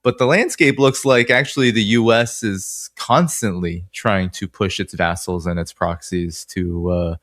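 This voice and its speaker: A man with a Boston accent asks long, meandering questions, hesitating often with lots of "uh" and "you know." His voice sits fairly low and sounds dry and close, with no room around it. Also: steady tone, a little slow, few pauses, fairly bright tone, no echo. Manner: hesitant, many fillers, long winding questions. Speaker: interviewer. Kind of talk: interview questions.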